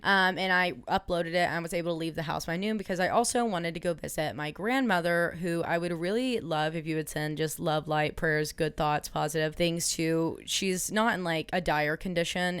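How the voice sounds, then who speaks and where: A woman's voice: fairly low pitch, fairly bright tone, no room sound. A woman co-hosting a podcast, chatting casually and telling a story full of swearing and acted-out quotes. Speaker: podcast co-host. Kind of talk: casual chat.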